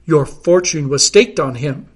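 A reader doing a pompous great detective. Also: male voice, fairly high pitch, measured pace, husky. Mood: grand. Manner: grandiose, declamatory.

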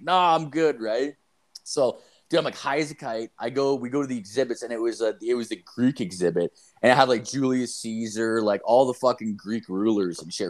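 A man telling a story in casual chat, rambling and profane, full of "like" and "dude", acting out the lines he quotes. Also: medium pitch. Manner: animated, acts out quoted lines.

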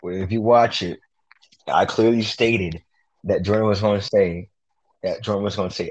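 Husky low-voiced young man, excited podcast chat. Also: fairly quick, dry recording, low-quality recording. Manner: excited, boastful about his predictions, slangy. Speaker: podcast co-host.

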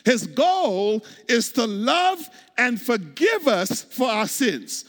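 A man preaching a sermon as pastor, repeating words, calling out to the congregation and breaking into sung and shouted phrases. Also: very high-pitched, sing-song, slow pace. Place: church sanctuary. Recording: long hall reverb.

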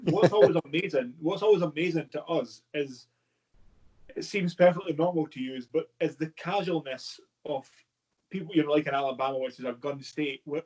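A man's voice: on the high side, normal speed, darkish tone, breathy edge, poor audio. A man chatting casually, swearing now and then. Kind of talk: casual conversation.

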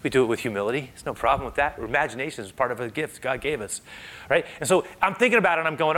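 A male pastor preaching a sermon in a conversational, animated storytelling manner, often checking in with "right?". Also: medium pitch, very fast.

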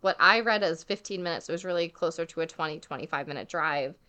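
Talking fast in a low, smooth voice, this young woman shares a travel story in a casual way. Her delivery leans heavily on the filler "like," and she performs quoted lines with lots of animation.

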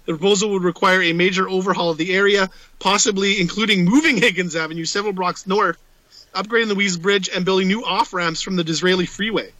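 A man co-hosts a chatty podcast, reading out trivia between playful jokes. His voice sits high and sounds bright and forward. The recording is dry and close. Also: fairly even intonation, fast talker, no room sound, poor audio. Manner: reads out street facts with playful asides. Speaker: podcast co-host. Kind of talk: casual chat.

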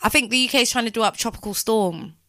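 Woman, radio host, chatty and giggly, bright tone, dry close sound. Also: on the high side, quick pace, dry recording. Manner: chatty and giggly, with many fillers. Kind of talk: casual radio chat.

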